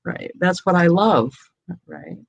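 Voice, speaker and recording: A woman's voice: lowish voice, slow, gravelly, no echo, dull audio. Woman host, from New England, chatty, laughing, dry close sound. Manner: chatty, laughs often, tells anecdotes. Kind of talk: casual chat.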